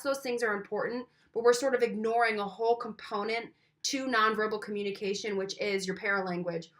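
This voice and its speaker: A woman lecturing in a loose, chatty way, her voice bright and forward. She talks straight to the listener, tossing in questions and showing off voice changes as she goes. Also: mid-range voice. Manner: conversational, asks the listener questions, demonstrates voice changes. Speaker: instructor. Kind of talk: recorded lecture.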